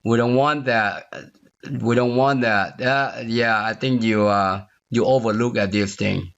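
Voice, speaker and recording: A man in an unscripted screen-recorded coding tutorial, thinking aloud as he works. He talks at a slow, unhurried pace, often repeating himself and checking whether the viewer follows. The audio is slightly dull and lo-fi, from a computer mic. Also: medium pitch, fairly even intonation, creaky, fairly bright tone. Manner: thinking aloud, repeats phrases, asks viewer "you see there?". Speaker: software tutorial instructor.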